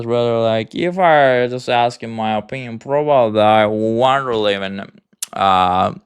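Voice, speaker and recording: A man in his twenties talking casually in broken, halting English, grumbling and half-joking, often calling the listener brother. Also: mid-range voice, clean tone. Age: 20s. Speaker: vlogger. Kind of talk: casual rambling monologue.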